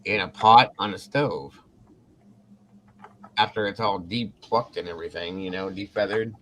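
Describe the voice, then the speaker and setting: An Ohio man, host of a casual talk show podcast, speaks low at a moderate pace over a little hiss or hum. His story is animated, peppered with swearing and acted-out quotes.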